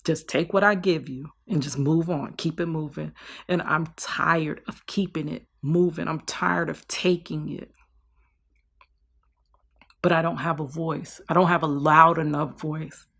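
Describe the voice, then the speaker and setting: A woman's voice: deep voice, steady tone, measured pace, gravelly, slightly rough. A young woman talking in a personal vlog, weary and heartfelt, trailing off and restarting as she speaks. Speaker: vlogger.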